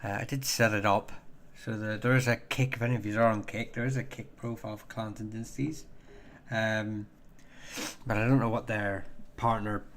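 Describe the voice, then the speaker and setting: A man hosting a casual livestream and chatting with viewers in a rambling, halting way, with many fillers and restarts. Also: on the low side, little pitch movement, a bit bright, slight background noise. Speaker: livestream host.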